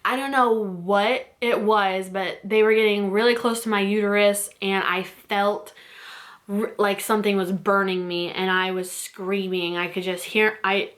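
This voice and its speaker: A woman's voice: mid-range voice, fairly even intonation, measured pace, a bit bright. A young woman vlogger telling a personal story in a casual, rambling way with many fillers and restarts, close to tears. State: teary, close to crying.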